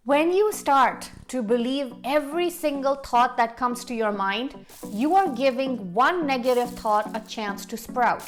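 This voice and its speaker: Woman life coach, earnest and instructive, slightly high voice, faint music behind. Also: measured pace. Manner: earnest, instructive, direct advice. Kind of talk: motivational coaching talk.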